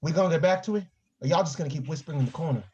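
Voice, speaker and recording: A man's voice: fairly high pitch, racing, a little mellow, lightly acted. A man reading the part of a crude, teasing homeless older man in a play reading over a video call. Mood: haggling. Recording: dull lo-fi video call audio.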